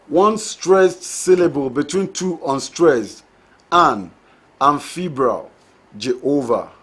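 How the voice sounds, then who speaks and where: A man lectures on literature in a slow, measured way, reading each term and example with care. His voice is husky and sits a little high for a man, and he never hurries.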